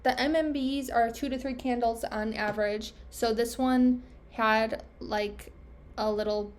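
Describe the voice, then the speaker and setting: A woman's voice: a little high, fairly even intonation, unhurried. A young woman trader thinking aloud over her charts, self-critical and trailing off, losing her voice. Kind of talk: casual self-talk screen recording.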